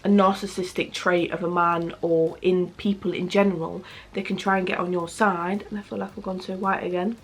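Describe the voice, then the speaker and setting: A woman's voice: lowish voice, little pitch movement, normal speed, hardly any pauses, a little hiss or hum. A young woman reviewing a book to camera at home, in a blunt, chatty way with constant swearing. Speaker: book vlogger. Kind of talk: casual book review chat.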